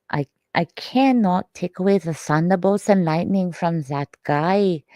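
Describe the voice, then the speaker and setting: A woman's voice: low-pitched, vocal fry, mellow, no room sound. A woman from Detroit chatting casually to her livestream viewers, rambling, swearing and now and then dropping to a whisper.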